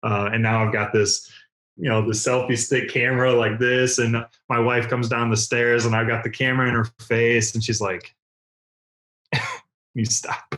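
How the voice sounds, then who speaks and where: A young man from Ohio, a guest on a casual podcast, talking in a relaxed, rambling way with many fillers. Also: mid-range voice, normal speed. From Cleveland, Ohio. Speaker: guest, car content creator.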